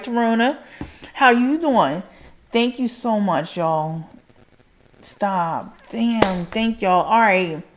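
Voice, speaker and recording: A woman's voice: mid-range voice, slight background noise. A woman hosting a casual livestream chat, talking loosely with lots of "like" and swearing, and gushing thanks to her viewers. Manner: casual, frequent swearing and filler "like". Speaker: livestream host.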